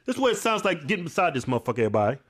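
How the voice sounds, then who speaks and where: Co-host, male; loud, profane complainer; high, sharp voice that swings widely. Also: big pitch swings, rapid-fire. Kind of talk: casual comedic chat, reading viewer emails.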